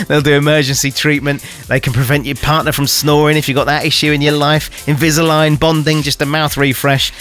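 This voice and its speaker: A woman's voice: sits low, steady tone, fairly quick, fairly bright tone, faint music behind. A woman presenting a radio show, teasing her co-host and laughing through a live ad read. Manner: teasing, laughs mid-sentence. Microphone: studio microphone.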